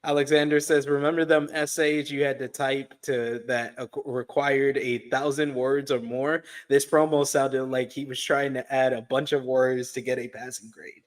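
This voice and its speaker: A man co-hosting a wrestling review, recapping events calmly, defending his opinions and reading out chat comments. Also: mid-range voice, moderate pace, hardly any pauses. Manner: calm, defends his view, laughs, reads chat comments. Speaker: co-host. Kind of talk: casual podcast recap.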